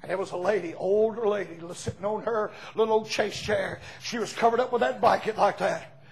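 A man preaching a revival sermon, folksy storytelling that bursts into shouts. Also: high voice, a little fast, vocal fry, slightly rough, low-quality recording.

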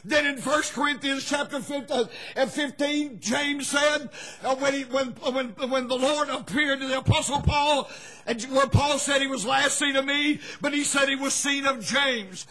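A man preaching a fervent sermon as pastor, breaking into shouts and calling on the congregation for amens. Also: very high voice, fairly even intonation, measured pace, poor audio.

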